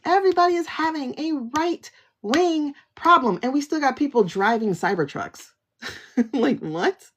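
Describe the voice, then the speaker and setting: A woman's voice: high-pitched, gravelly, slightly rough. A woman hosting a casual commentary livestream, mocking and laughing often as she fires off rhetorical questions. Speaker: livestream host. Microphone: phone livestream.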